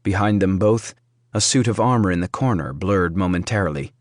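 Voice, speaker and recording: A man narrating a fantasy audiobook in a measured storytelling manner. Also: low voice, expressive, no echo, studio quality.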